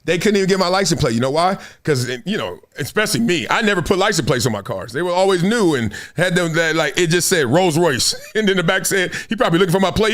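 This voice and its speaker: A man's voice: on the high side, animated, fast, a bit bright. A male show host chatting casually on a livestream, telling stories with lots of laughter and acting out other people's lines.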